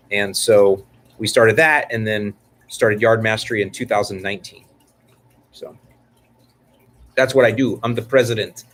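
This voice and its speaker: A man's voice: lowish voice, a bit bright, slight background noise. A middle-aged man hosting a casual live-stream chat about lawn care, joking and rambling with frequent restarts. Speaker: lawn care channel host.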